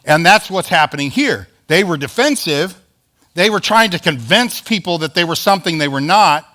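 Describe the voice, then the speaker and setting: High, bright-voiced man preaching. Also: expressive, moderate pace. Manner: emphatic, conversational preaching with acted-out quotes. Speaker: pastor. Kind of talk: sermon.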